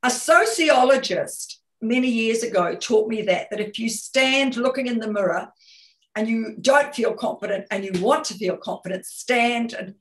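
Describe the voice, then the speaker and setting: A woman from New Zealand, a communication consultant, coaching an online audience on a video call with direct questions and lively energy. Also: on the high side, normal speed, rough recording. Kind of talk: webinar coaching talk.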